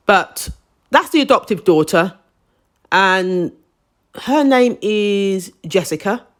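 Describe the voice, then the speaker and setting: A woman giving a casual, opinionated review of a TV drama, with emphatic, indignant asides. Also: fairly low pitch.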